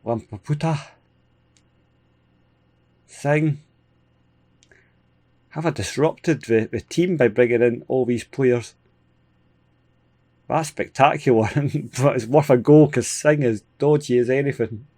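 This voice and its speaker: A Scottish man hosting a gaming video, giving casual, excitable play-by-play with frequent chuckles. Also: mid-range voice, slow, long pauses. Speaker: gaming channel host. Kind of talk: casual let's-play commentary.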